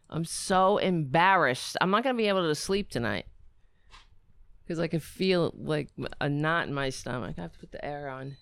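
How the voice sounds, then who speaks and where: ぼやき続ける早口でないニューヨーク訛りの女性. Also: female voice, deep voice, vocal fry, smooth, dry recording. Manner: self-deprecating, rambling, swears a lot. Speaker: livestream host. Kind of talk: casual livestream chat.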